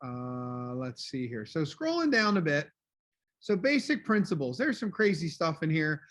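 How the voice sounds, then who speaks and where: A man leads an online class review over a video call. His voice sits a little high, and his delivery is loud and casual. He keeps checking in with "okay?" and fills gaps with "um.". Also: very animated, measured pace. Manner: loud, filler-heavy, casual. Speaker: teacher.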